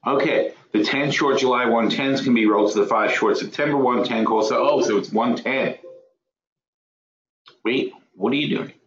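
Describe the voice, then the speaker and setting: A man's voice: mid-range voice, moderate pace. A man hosting a trading webinar, thinking aloud, muttering to himself and correcting himself as he goes. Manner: mutters to himself and scolds his software; rambling, self-correcting. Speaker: webinar host. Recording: roomy, dull lo-fi webinar audio.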